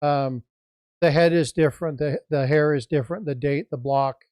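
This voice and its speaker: A woman's voice: low-pitched, normal speed, darkish tone, no room sound. A woman hosting a casual livestream over a video call, explaining what is on her screen. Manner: explanatory, talks through screen sharing. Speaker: livestream host.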